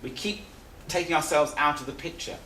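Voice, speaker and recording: A man's voice: fairly high pitch, brisk, sharp tone. Man lecturing in an echoey room. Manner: repetitive, conversational, restarts phrases. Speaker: osteopathy seminar teacher. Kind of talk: live seminar lecture. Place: seminar room. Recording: echoey room, distant mic, faint hiss.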